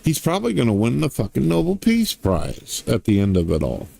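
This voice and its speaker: Crude ranting man, dark dry voice. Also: mid-range voice, huge pitch swings, fairly quick, creaky, dry recording. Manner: crude, blunt, swaggering, lots of swearing. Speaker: online commentator. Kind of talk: profane rant to camera.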